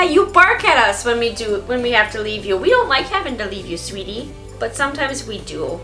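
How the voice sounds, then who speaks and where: A woman's voice: medium pitch, a bit bright. A woman hosting a casual vlog from home, chatting upbeat about her dog. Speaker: vlog host and dog owner. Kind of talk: casual vlog narration to camera. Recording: echoey room, faint music.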